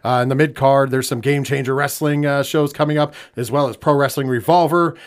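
An American man hosts a wrestling podcast, chatting casually in a mid-range voice with fairly even intonation and a slightly fast pace. He talks loosely, full of filler words, and goes quiet when things turn somber.

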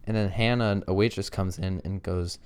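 A man's voice: sits low, fairly even intonation, normal speed, a little mellow, clear, resonant tone. A man who works at a restaurant, rambling through a work story in casual chat and acting out what people said. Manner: rambling storyteller, lots of likes, acts out quotes. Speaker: restaurant worker telling a story.

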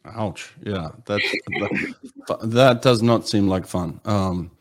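A man's voice: fairly low pitch, slow pace. Middle-aged male host, casual, jokey, chatty. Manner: jokey, chatty, laughs easily. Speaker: podcast host. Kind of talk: casual interview chat.

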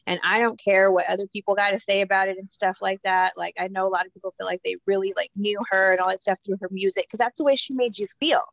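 Gravelly-voiced woman gushing casually. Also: medium pitch, quick pace, hardly any pauses, dull audio. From Corpus Christi, Texas. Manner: animated and gushing, with lots of "like" and "you know". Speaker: podcast co-host. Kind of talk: casual pop-culture chat.

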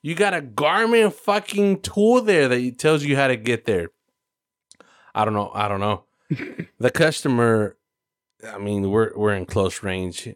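Man, podcast co-host, casual storytelling, animated, swears a lot, voices the people in his quotes, dry close sound. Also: medium pitch, unhurried, dry recording.

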